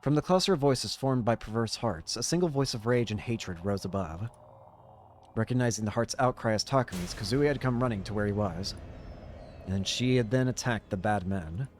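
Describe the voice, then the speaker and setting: A man's voice: fairly low pitch, darkish tone, a little hiss or hum. A young man playing a visual novel, reading its narration aloud and reacting casually. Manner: casual, reacting with quick exclamations. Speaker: game streamer.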